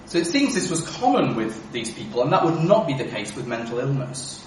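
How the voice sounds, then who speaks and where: Preacher in an echoey church. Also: male voice, medium pitch, recorded from a distance, slight background noise. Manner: rhetorical questions, emphatic. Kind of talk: sermon.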